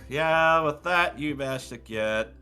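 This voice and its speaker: A man serves as game master for a tabletop game, narrating scenes, reading boxed text and calling for rolls in a relaxed way with fillers and restarts. His voice is fairly high and unhurried, with a clean tone and faint music in the background.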